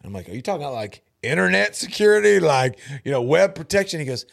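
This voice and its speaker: Gravelly man telling family stories. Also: fairly high pitch, fast. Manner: animated, laughing storyteller with restarts. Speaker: podcast host. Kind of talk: casual storytelling chat.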